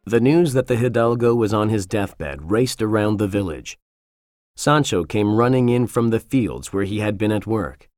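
A man narrating a storybook in a calm, measured way. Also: fairly low pitch, no room sound, studio quality. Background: faint music.

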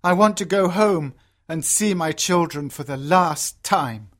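A woman's voice: lowish voice, measured pace, pitched below the performer's own voice. A woman voicing a sorrowful old father in a storybook reading, sad, pleading and tender. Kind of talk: storybook character voice.

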